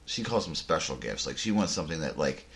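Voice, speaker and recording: A man hosting a podcast, telling a casual story in a rambling way, full of restarts and deadpan jokes. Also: very deep voice, fairly quick, creaky. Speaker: podcast host. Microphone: headphones and desk mic.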